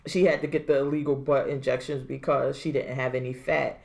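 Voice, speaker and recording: A woman co-hosting a casual podcast chat, animated and prone to squeaky impressions. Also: brisk, vocal fry. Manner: animated, mimics people in high squeals. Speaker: podcast co-host.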